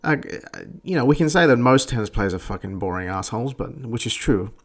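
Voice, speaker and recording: A man's voice: mid-range voice, animated, brisk. A man hosting a podcast, ranting bluntly and profanely in a rambling way. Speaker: podcast host. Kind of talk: profane opinion rant.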